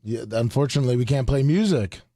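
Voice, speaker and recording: A man co-hosting a casual sports talk show, halting, with lots of restarts, his voice worn from yelling. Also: medium pitch, animated, dry recording, clean studio sound. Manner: halting, with many restarts and fillers. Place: radio studio.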